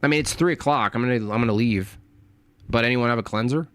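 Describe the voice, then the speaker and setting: A man's voice: mid-range voice, fast, fairly bright tone, smooth. A man hosting a live stream in casual talk, exasperated and sarcastic, sometimes dropping to a whisper. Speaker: streamer host.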